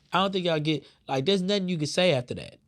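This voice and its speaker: A man hosting a podcast, giving heated, profane commentary with lots of fillers. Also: fairly high pitch. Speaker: podcast host. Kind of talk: casual opinion commentary.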